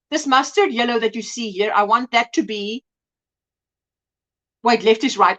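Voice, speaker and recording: A woman's voice: on the high side, fairly bright tone, muffled recording. A woman hosting a casual crochet livestream, chatting, reading out viewer comments and laughing often.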